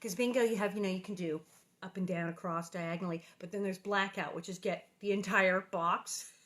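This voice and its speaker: A woman's voice: mid-range voice, steady tone, fairly quick, a bit bright. A middle-aged woman hosting a casual livestream from her living room, chatting in a bubbly, rambling way with lots of asides. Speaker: livestream host reading aloud.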